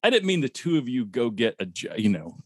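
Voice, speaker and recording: A man's voice: mid-range voice, sing-song, brisk, slight background noise. A man who is not an actor, co-hosting a podcast and riffing in a rambling, joking way. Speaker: podcast co-host, non-actor. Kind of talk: casual chat.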